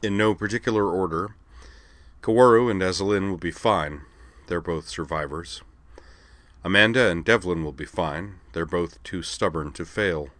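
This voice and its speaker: A calm young swordsman, as a man reads him, with a deep, low voice. He talks in a measured, quiet way with gentle amusement. It is a storybook character recorded dry and close. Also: no echo. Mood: calm, amused. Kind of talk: audiobook character reading.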